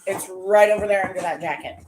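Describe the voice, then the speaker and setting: A woman casually recapping a tabletop horror game, animated and swearing freely. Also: mid-range voice, fast, echoey room, a little hiss or hum.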